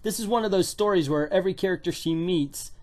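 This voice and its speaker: A man's voice: sits high, quick pace, a little mellow. A man reviewing a comic book with sarcastic, exasperated commentary. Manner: exasperated, mocking.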